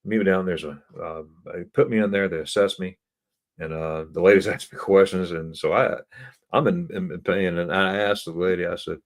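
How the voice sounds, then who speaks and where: Deep-voiced chatty man telling a travel story. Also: normal speed. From United States. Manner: chatty, laughs often, repeats words. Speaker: travel host. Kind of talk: casual live-stream storytelling.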